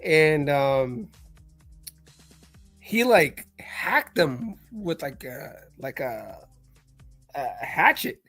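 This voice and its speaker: Young guy on a stream call, rambly storytelling, yells the quotes, faint music under it. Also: a little high, drawn-out words, pauses often. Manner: animated storyteller, shouts quoted lines. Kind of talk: casual chat. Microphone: live stream call mic.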